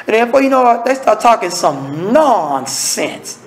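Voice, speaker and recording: A man's voice: sits high, very animated, normal speed, poor audio. A man preaching an evening sermon in a folksy, conversational way, blunt and scolding with humor, often acting out little dialogues.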